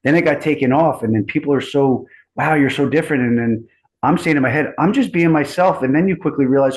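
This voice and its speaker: A man in his thirties hosting a group video call, talking in a relaxed, rambling, enthusiastic way. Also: medium pitch, quick pace, poor audio. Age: 30s. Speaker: host.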